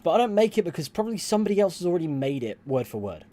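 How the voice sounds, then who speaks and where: A man's voice: high voice, sing-song, very fast, warm tone. A man streaming, casually reading out chat comments and answering them in a dry, offhand way. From England.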